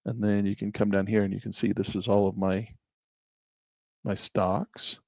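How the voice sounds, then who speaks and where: Gravelly, chatty man talking stocks. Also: on the low side, level tone, normal speed, a little mellow, dry recording. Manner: chatty, folksy, self-amused. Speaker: investing vlogger. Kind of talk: casual screen-share commentary.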